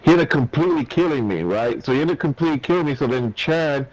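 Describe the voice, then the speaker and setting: A man's voice: a little high, animated, fast, over a noisy crowd, rough recording. A man in casual gaming chat who rambles and repeats himself while explaining. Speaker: gamer streaming with a friend.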